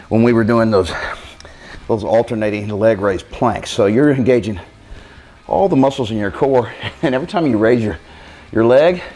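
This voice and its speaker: Breathy man counting workout reps. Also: lowish voice. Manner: counting reps aloud while exercising, casual. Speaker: fitness coach. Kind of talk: workout demonstration.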